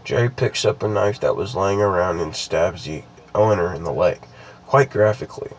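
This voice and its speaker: Young man, fairly low voice, casual creepypasta reading, rambling asides, faint hiss behind. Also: moderate pace, highs cut off. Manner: rambling, hesitant, many fillers and restarts. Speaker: creepypasta reader.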